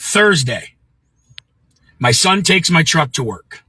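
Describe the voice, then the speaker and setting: Middle-aged Midwestern man, livestream host, profane ranter, very bright slightly high voice. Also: big pitch swings, slow pace, breathy edge, no room sound, rough recording. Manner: blunt and profane, greets viewers by name. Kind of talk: ranting livestream monologue.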